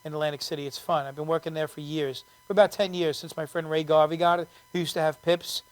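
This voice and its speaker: A man's voice: a little high, flat delivery, fast talker, smooth. A man guesting on a talk show, telling stories in a chatty, rambling way and fumbling for names. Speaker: guest comedian. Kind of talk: interview chat.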